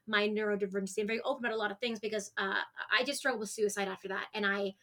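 Bright-voiced young woman, candid and emotional. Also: medium pitch, fairly even intonation, racing. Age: 20s. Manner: open and emotional, frequent restarts. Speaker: podcast guest. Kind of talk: candid conversational interview.

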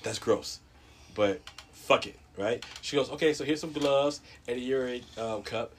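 A man telling a comedic story in casual talk, swearing a lot and jumping into a high voice when quoting others. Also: measured pace, a little hiss or hum. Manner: profane, animated, acts out quotes in a high voice.

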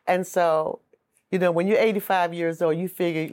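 A woman's voice: fairly low pitch, steady tone, moderate pace, a little mellow. A middle-aged woman giving earnest, emotional personal testimony in an interview.

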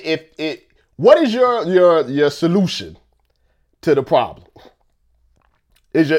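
A man talking in a casual rant, repeating himself and firing off rhetorical questions. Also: high voice.

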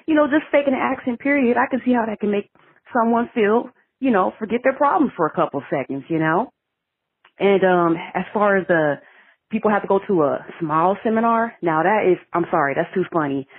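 Caller: chatty woman, husky voice, tinny phone sound, giggles through her fillers. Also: lowish voice. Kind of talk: voicemail to a podcast.

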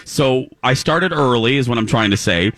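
A male morning radio host tells a long personal story in an easy, chatty way and acts out each character's voice as he goes. His voice has a bright, clear edge, and his pitch swings widely. The sound is close and dry. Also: normal speed, dry recording. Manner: animated, acts out voices in anecdotes. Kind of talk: casual on-air storytelling. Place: live remote broadcast at a clinic.

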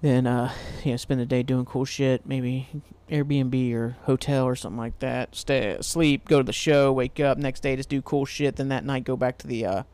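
A man's voice: mid-range voice, fairly even intonation, moderate pace, few pauses, darkish tone, smooth. A man from Ohio hosting a casual solo podcast, rambling loosely, swearing freely and laughing at himself. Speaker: podcast host.

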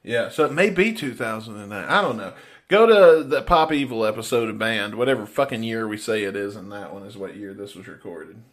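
Animated, laughing male podcast host. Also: lowish voice, a little fast. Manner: animated, laughing, profane storytelling. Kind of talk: casual commentary over a played clip.

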